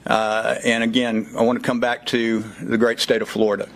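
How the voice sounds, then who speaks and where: A man's voice: mid-range voice, completely flat delivery, normal speed. Man, 50s, Southern Texas accent, folksy speaker at a press event, filler-heavy. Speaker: child safety program speaker. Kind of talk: speech at a press conference.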